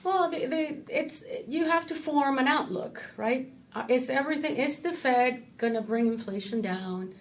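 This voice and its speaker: A woman who is a portfolio manager, a guest in an interview, explaining things in a measured way. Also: sits high. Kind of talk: casual interview.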